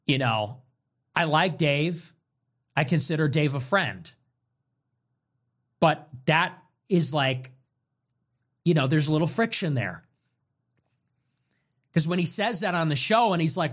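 A talk show host in a heated monologue, talking in an animated, profane and emphatic way and repeating phrases for emphasis. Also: mid-range voice.

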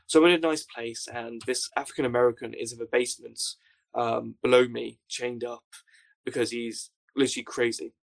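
Young man, interview guest, gravelly voice, wry animated storytelling. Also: medium pitch, moderate pace. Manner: wry, animated storyteller who acts out quotes. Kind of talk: casual storytelling.

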